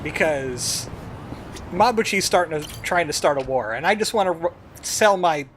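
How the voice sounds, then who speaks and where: A man's voice: a little high, animated, moderate pace, noisy background. A man streamer giving casual, rambling commentary while playing a game, chatting to himself and his viewers. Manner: rambling, chatty, self-talking.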